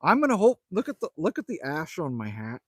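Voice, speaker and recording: A man's voice: a little high, wildly swooping pitch, brisk, breathy edge, no echo. A middle-aged man from Canada hosting a casual live stream outdoors at his rural cabin, ranting, joking and greeting viewers by name. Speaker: livestream host.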